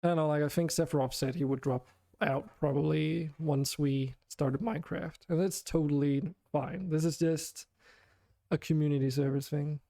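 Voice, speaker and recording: A man's voice: a little high, fairly even intonation, normal speed, gravelly, warm tone, no room sound, studio quality. A man streaming a game, chatting casually with viewers in a chatty, self-deprecating way and laughing often. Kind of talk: casual live-stream chat.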